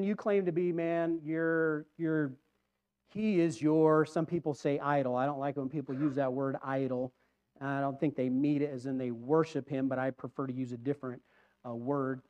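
A man's voice: a little high, steady tone, normal speed, dark tone, clean tone, dull audio. A man preaching a conversational sermon, rambling and putting questions to the congregation.

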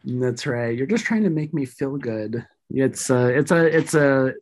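Deep-voiced woman chatting candidly. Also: animated, measured pace, a little mellow, a little hiss or hum. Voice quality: deep feminine voice. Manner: candid, frank, swears casually. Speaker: podcast guest. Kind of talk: casual chat.

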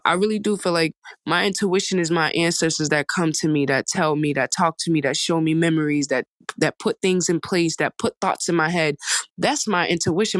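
A woman's voice: lowish voice, no echo. Earnest rambling woman in her twenties. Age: 20s. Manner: heartfelt, rambling, emphatic repetition. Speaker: podcast host. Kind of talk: casual storytime monologue.

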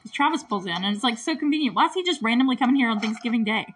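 A woman's voice: a little high, expressive, very fast, a bit bright, slightly rough. A woman casually recapping a movie, chatty and indignant, with lots of "like". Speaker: movie reviewer.

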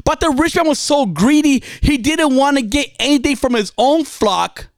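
A man preaches in a casual, dramatic storytelling style. His voice rises and falls widely, dropping low for confession and climbing high to urge. It is recorded close and dry, with no room echo. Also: expressive, moderate pace. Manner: dramatic storytelling, confessional, swings from quiet to fiery. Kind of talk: impassioned spoken sermon.

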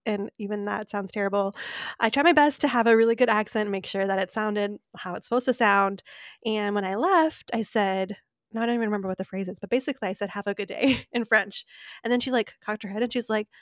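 A woman's voice: mid-range voice, fast, dry recording, clean studio sound. A young American woman co-hosting a podcast, telling an anecdote casually with frequent giggles. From United States. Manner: giggly storytelling. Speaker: podcast co-host. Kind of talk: casual chat.

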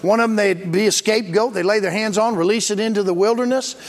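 A man's voice: sits high, quick pace. A man preaching a sermon as pastor, plain-spoken and emphatic, calling for responses from the congregation. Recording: long reverb of a large hall.

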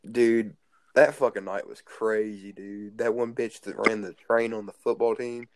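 A man's voice: lowish voice, steady tone, measured pace, noisy background. A teenage boy telling rambling stories in casual chat, crude and swearing constantly. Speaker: guest storyteller.

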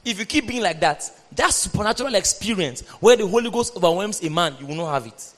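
A man preaching a sermon, reading scripture aloud and speaking emphatically, at times shouting. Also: high-pitched, expressive, quick pace. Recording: long hall reverb.

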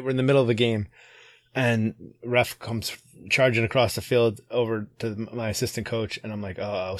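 A man's voice: mid-range voice, dry recording. A man chatting casually on a podcast about coaching youth soccer. He tells his stories with energy, and his voice swings up when he gets worked up. The sound is dry and close to the mic. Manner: animated storytelling, often gets loud.

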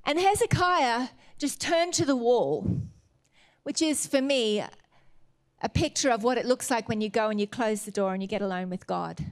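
A woman's voice: on the high side, animated, moderate pace. A woman preaching a sermon, retelling scripture with earnest, exhorting emphasis.

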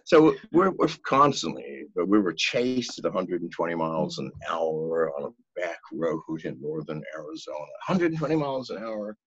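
An older man telling a story as a podcast guest, in a profane, animated way. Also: sits low, moderate pace, few pauses, slightly rough, no echo. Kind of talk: casual storytelling. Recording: dull, lo-fi, dry sound.

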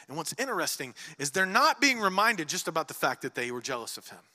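Male preacher, high and sharply bright, storytelling sermon, hushed to shouting, long church-hall reverb. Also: big pitch swings, quick pace. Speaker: pastor.

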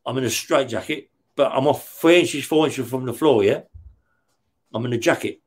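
A man's voice: medium pitch, normal speed, breathy edge. Blunt swearing man telling a story. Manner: blunt, heavy swearing, keeps checking with "yeah?". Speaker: interview guest recounting prison life. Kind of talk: casual storytelling.

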